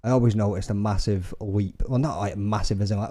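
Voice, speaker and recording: A young man hosting a podcast, telling sweary, animated stories in casual chat. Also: fairly low pitch, brisk. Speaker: podcast host.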